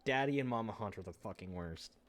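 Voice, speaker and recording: A man's voice: fairly low pitch, lively intonation, a little fast. A man chatting casually while playing a card game on a stream, joking and cursing, sometimes humming and beeping to himself. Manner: swearing, joking, hums and beeps to himself. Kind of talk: casual game-night banter. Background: faint music.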